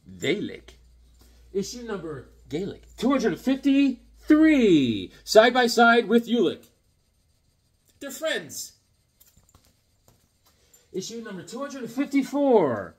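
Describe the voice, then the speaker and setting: Man host, casual comic rambler, husky voice, bouncy lively pitch. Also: measured pace. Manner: rambling, joking, slips into silly voices and songs. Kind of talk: casual comedic chat.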